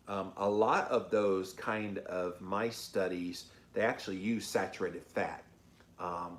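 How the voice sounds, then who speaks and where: A man hosting a casual livestream, reading out viewer comments and answering them in an upbeat, chatty way. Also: lowish voice. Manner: upbeat, chatty, frequent ums and uhs. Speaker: host of a diet livestream. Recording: roomy echo.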